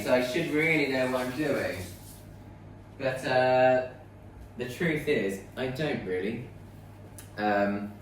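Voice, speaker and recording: A man's voice: medium pitch, echoey room, a little hiss or hum. A man chatting casually as he bakes in his kitchen, thinking aloud as he goes. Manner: chatty, rambling, thinks aloud while baking. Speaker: vlogger. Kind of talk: casual chat. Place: home kitchen.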